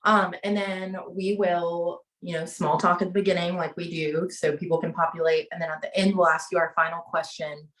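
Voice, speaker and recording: Lower-voiced upbeat woman host. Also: flat delivery, moderate pace, hardly any pauses, rough recording. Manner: organizing, upbeat. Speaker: co-host and producer. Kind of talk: casual chat.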